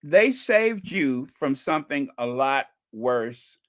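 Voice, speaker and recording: A man's voice: medium pitch, big pitch swings, slow. A man hosting a commentary channel, talking casually to his viewers with frequent laughter and emphatic asides.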